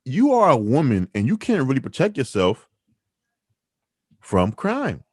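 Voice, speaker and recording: A man hosting a podcast, arguing his opinions in an emphatic, animated way. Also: mid-range voice, measured pace, breathy edge, no echo, clean studio sound. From New York City. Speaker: podcast host.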